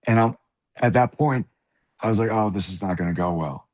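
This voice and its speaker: Husky, animated middle-aged man telling stories. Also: lowish voice, a little fast. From South Bronx, New York. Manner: animated, profane, acts out voices in anecdotes. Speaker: guest actor. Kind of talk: casual storytelling interview.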